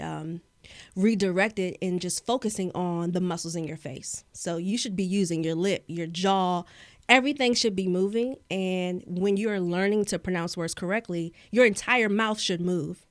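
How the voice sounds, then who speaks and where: Articulate woman with crisp diction. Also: fairly low pitch, dry recording. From Maryland, USA. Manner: animated storyteller, clear careful diction. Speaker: guest, public speaking coach. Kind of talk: casual interview chat.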